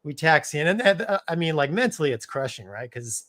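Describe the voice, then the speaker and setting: Man, middle-aged, slightly high voice, casual storytelling, animated, chuckles mid-sentence, says "dude" a lot. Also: fairly quick. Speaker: co-host, former Navy fighter pilot.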